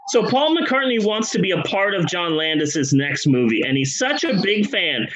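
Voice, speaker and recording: A man co-hosting a podcast, telling a comedic story in a rambling, profane, animated way. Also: sits high, moderate pace, slight background noise, rough recording. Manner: rambling, animated, profane, drops into character voices. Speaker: podcast co-host.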